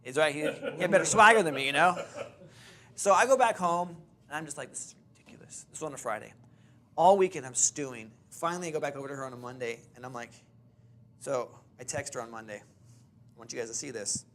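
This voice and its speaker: A man's voice: mid-range voice, brisk. A man teaching a real estate course, telling a story to a seminar audience and acting out the dialogue as he goes. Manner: animated storyteller, acts out quoted dialogue.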